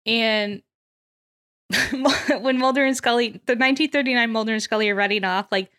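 A woman with a bright, forward voice pitched a little high hosts a casual podcast chat. She talks animatedly, laughs often and slips into quick impressions of characters as she recaps. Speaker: podcast host.

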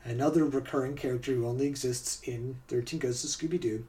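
Man, podcast host, casual chat, chatty and laughing, mid-pitched voice, a little away from the mic. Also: steady tone, fast talker, warm tone, distant mic, a little hiss or hum. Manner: chatty, laughs often, many fillers and restarts.

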